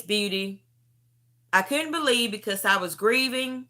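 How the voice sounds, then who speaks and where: Bright-voiced woman giving a tearful testimony. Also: mid-range voice, a little slow. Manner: animated storytelling, calls the listener "beauty". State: near tears. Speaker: host sharing a personal testimony. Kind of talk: emotional live-stream testimony.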